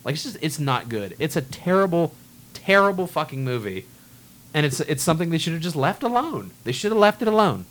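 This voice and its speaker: A man's voice: a little high, big pitch swings, a little fast, a bit bright. A man hosting a casual movie chat, ranting bluntly and swearing freely. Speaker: podcast host.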